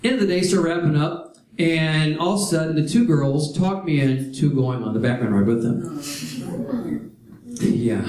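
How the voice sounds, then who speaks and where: High-voiced man preaching in an echoey hall. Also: darkish tone. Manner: storytelling, humorous asides. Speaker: pastor. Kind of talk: sermon.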